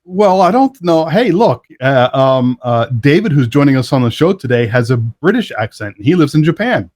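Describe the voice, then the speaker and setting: A man's voice: medium pitch, big pitch swings, normal speed, a little mellow. Chatty upbeat male show host. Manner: upbeat, chatty, laughs often. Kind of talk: casual live show hosting.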